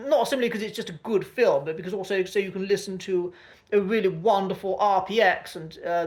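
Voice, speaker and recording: A British man with a posh English accent talks through a casual lesson in a thoughtful, unhurried way. He pauses often with ums and uhs and restarts his sentences as he gathers his thoughts. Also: high voice. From Britain. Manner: thoughtful, many fillers and restarts. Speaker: accent coach.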